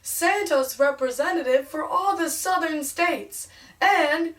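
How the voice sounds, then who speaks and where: A woman's voice: sits high, slow pace, fairly bright tone, pitched above the performer's own voice. Figure: flustered grown man, put on by a woman. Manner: earnest, storytelling. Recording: slightly distant mic.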